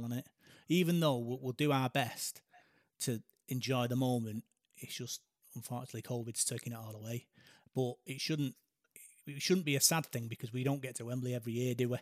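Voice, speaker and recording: A man's voice: mid-range voice, fairly even intonation, a little fast, no echo, clean studio sound. A man, co-hosting a casual chat, talking hesitantly and reflectively. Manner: hesitant, reflective, soft-spoken. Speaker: podcast co-host.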